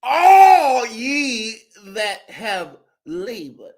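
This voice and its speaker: A man's voice: extremely high pitch, very animated, pitched above the performer's own voice, full character voice. A man voicing a fervent church preacher in a mock sermon, drawing out words and repeating himself. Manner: drawn-out, repetitive, swings loud to soft. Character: hollering male church preacher, fervent and dramatic.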